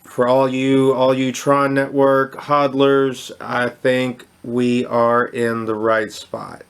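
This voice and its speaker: A man's voice: medium pitch, monotone, slow, clear, resonant tone. A man hosting a crypto channel, talking off the cuff with lots of restarts and fillers, upbeat and enthusiastic. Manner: rambling, with many restarts and fillers. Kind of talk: casual unscripted commentary.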